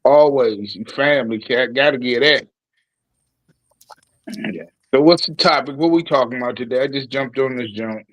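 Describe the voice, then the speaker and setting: A man's voice: medium pitch, moderate pace, no echo, rough recording. A man calling into a casual talk show, talking in a blunt, slangy, cynical way. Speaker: caller. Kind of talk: casual call-in chat.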